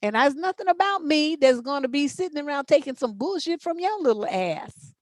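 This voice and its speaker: A woman's voice: high voice, animated, fairly quick, no room sound. A middle-aged woman hosting a relationship advice show, giving blunt, profane, emphatic answers in unscripted chat.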